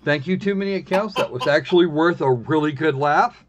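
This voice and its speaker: A man's voice: on the high side, brisk, noisy background. Wry rambling man, muffled stream audio. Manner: rambling, self-correcting, wry. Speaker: live-stream host. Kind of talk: casual live-stream chat.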